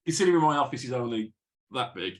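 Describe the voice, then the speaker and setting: A man's voice: medium pitch, sing-song. A man hosting a casual interview over a video call, playful and prone to tangents. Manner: quick, playful, goes off on tangents. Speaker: interview host.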